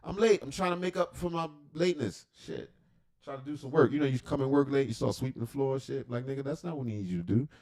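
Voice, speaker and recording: A man's voice: mid-range voice, fast, darkish tone. A man hosting a livestream reaction, talking in a rambling, profane, joking way with lots of asides. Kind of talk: casual reaction commentary.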